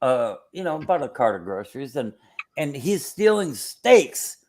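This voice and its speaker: A man of middle pitch chats casually. He circles back over his points with earnest fillers. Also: sing-song, unhurried, a little hiss or hum. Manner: earnest, repeats himself with fillers. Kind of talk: casual chat.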